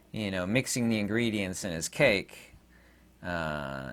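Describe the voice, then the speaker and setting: A man hosting his own channel, talking in a rambling, digressive monologue full of fillers. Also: fairly low pitch. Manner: animated, digressive, many fillers. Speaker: channel host.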